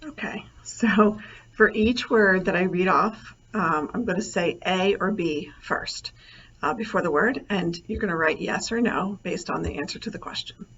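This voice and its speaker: A woman lecturer recording a lesson over slides, relaxed and thinking aloud with many fillers. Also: fairly low pitch, normal speed. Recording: slightly dull, faint noise.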